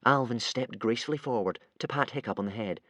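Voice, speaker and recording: A man reading a children's audiobook aloud with lively, expressive narration. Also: mid-range voice, fast, no echo. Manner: lively, voices many characters.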